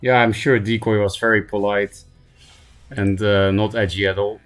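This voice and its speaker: A man with a very low voice talks through a card game on stream, self-deprecating and wandering in thought. His voice is hoarse from laughing, and he keeps clearing his throat. Quiet music plays faintly behind him. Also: level tone, moderate pace. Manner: self-mocking, thinking aloud, frequent throat clearing. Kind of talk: casual gameplay commentary.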